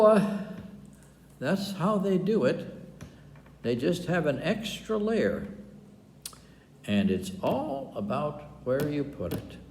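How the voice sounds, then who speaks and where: Telling rambling children's stories full of chuckles and side remarks, this older Wisconsin storyteller has a medium-pitched, slightly mellow voice. The recording comes from an echoey room with a long reverb.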